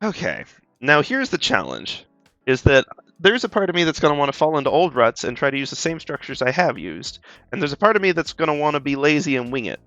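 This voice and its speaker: A man's voice: a little high, big pitch swings, a little fast, a bit bright, no echo, muffled recording, soft background music. A tired but bubbly man chatting casually while he draws on stream, rambling with lots of ums and little laughs. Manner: rambling, upbeat, chuckles, many ums. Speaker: art streamer.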